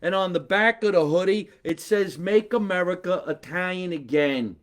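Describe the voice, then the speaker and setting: A man from New Jersey with a New Jersey accent, a comedian hosting a live podcast, talking casually with sponsor plugs, animated, profane and fond of repeating phrases. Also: high voice, normal speed. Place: his mother's basement.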